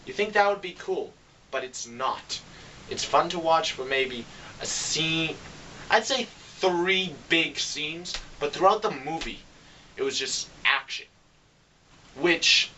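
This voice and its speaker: A man's voice: bright, forceful tone, recorded from a distance, slight background noise, rough recording. Sarcastic, exasperated man reviewing a film. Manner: exasperated, sarcastic, acts out quotes with big pitch jumps. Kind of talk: casual movie review rant.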